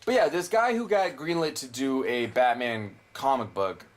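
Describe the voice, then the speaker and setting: A young man with a mid-range, expressive voice casually commentates a video game at a moderate pace. His let's play talk is rambling and opinionated, with frequent swearing.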